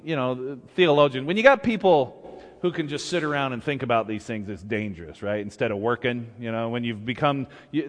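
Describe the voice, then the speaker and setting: A man's voice: medium pitch, big-room sound. A man preaching a sermon as pastor, conversational and humorous, acting out scripture stories. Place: church sanctuary.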